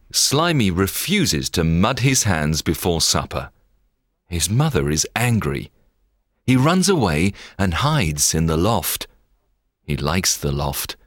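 A man reads a children's story aloud with a very deep voice that still rises and falls a great deal. He takes his time, pacing every sentence slowly and clearly. The sound is close and dry, with no room around it. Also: no room sound. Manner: expressive, measured read-aloud delivery. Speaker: narrator. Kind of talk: scripted storybook narration.

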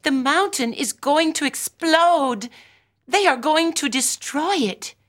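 A man reading a story who puts on the voice of an excitable young girl, high and cried-out. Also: a little slow, heavily acted. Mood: alarmed.

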